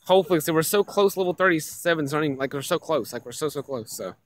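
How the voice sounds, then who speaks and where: Excitable young man streaming a mobile game. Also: on the high side, fast. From Tennessee. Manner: excitable, repeats himself, addresses chat as guys. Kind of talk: casual live-stream gaming chat.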